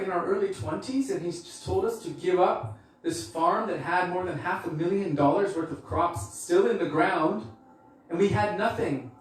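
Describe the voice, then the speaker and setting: A man's voice: sits high, a little hiss or hum. Brief: male preacher, casual storytelling delivery, distant mic, big hall echo. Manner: casual, conversational, with frequent fillers. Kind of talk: storytelling talk. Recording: echoey hall, mic far off.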